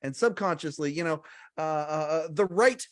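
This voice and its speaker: A man in his forties in an energetic podcast conversation, talking emphatically and speaking to the listeners directly. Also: on the high side, normal speed. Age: 40s.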